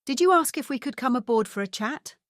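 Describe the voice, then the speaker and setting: Wry, breezy woman detective, read by the narrator, higher and brighter than the narration, dry sound. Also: animated, brisk, dry recording. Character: breezy woman investigator, wry and easily seasick.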